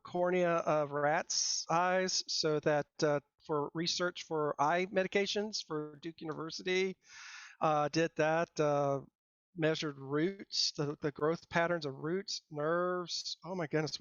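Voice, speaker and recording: A middle-aged man, a software engineer guest, telling his career story in a casual, rambling, self-deprecating way with many fillers and restarts. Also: on the high side, clean tone, no room sound. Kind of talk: casual interview talk. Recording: dull dry lo-fi sound.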